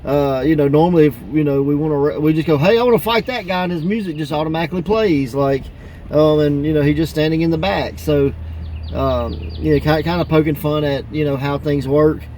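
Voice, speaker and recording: A man hosting a casual wrestling podcast, laughing often and acting out quoted wrestlers in higher voices. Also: steady tone, a little fast, dark tone, slight background noise. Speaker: podcast host.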